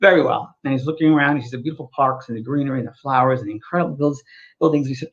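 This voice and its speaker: A man's voice: medium pitch, racing. A male co-host speaking in an earnest, storytelling way, repeating his points for emphasis in a casual spiritual talk show. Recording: dull, lo-fi sound.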